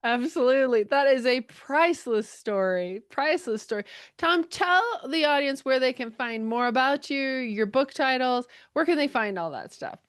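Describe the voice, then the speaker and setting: A woman's voice: sits high, expressive, moderate pace, clean tone. A woman hosting a podcast interview, answering her guest with short affirming replies. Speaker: podcast host.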